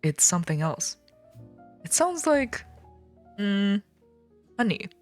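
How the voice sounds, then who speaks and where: A woman's voice: medium pitch, sing-song, takes it slowly, faint music behind, voice pushed up. A woman reading aloud, voicing a dreamy young male mouse in a storybook. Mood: wondering.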